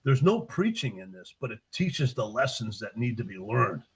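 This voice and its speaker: Animated older man with a husky voice. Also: mid-range voice, normal speed, poor audio. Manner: animated, acts out characters' voices while retelling his story. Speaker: book author. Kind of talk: casual storytelling interview.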